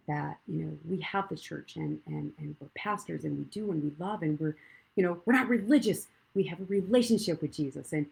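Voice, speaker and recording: Husky woman preaching a candid story. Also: fairly low pitch, rough recording. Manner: candid, storytelling, swings from hushed to loud. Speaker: pastor. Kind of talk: sermon with personal story. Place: church stage, live.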